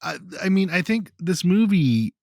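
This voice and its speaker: A man co-hosting a casual film podcast, his middle-pitched voice swinging widely as he talks. He swears freely and laughs often. The sound is close and dry. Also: big pitch swings, a little slow, creaky, a little mellow, no echo. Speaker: podcast co-host.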